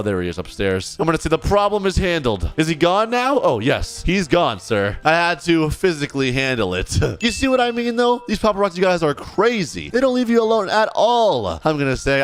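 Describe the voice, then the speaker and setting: A young man giving casual commentary over a game, excited and animated, reading out what other players say. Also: a little high. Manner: animated, hyped, reads out other players' chat. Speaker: gaming video host. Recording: light background music.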